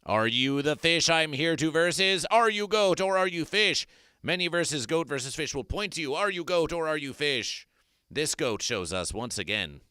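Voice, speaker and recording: Male comic host, grandiose and repetitive, smooth tone, dry close mic. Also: fairly high pitch, animated, moderate pace, pushed and bright, dry recording. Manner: grandiose, repetitive, mock-solemn proclamations. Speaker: comedy performer. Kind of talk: absurdist livestream chat.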